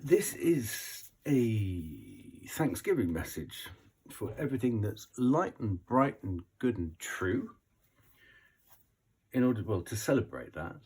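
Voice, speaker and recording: A British man with a croaky voice, rambling and chuckling as he gives a casual oracle card reading. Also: fairly low pitch, big pitch swings, takes it slowly, a little mellow. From Britain. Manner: rambling, chuckling between thoughts.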